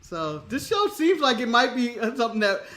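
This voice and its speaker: An American man co-hosting a casual wrestling chat show, animated and laughing often, swearing and acting out other people's lines. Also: very high-pitched, normal speed. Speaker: podcast co-host.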